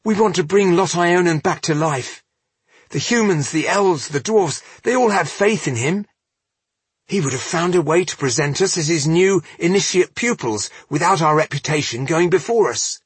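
A man voicing a proud, defiant young woman apprentice of magic in an audiobook, pushing his voice high and tense to play her. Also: animated, normal speed, breathy edge, dry recording. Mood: pleading.

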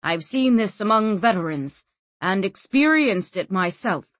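Lady doing a big calm veteran guy, slow and steady, a bit lower, husky dry read. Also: no room sound. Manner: calm and measured. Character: huge calm steady man, a war veteran.

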